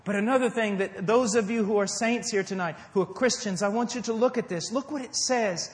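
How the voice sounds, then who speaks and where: A high-voiced middle-aged American man delivers a fervent sermon. His voice rings through an echoey hall, swelling into forceful emphasis and then falling to soft, earnest pleading. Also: fairly quick. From United States. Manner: impassioned preaching, swinging between loud emphasis and hushed tenderness. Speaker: preacher. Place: church service before a congregation.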